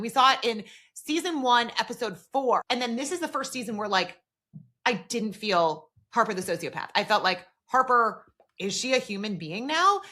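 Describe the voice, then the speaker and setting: A woman's voice: fairly high pitch, sharp tone. A woman co-hosting a podcast, casually recapping a TV episode and retelling scenes by quoting the characters' lines. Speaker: podcast co-host.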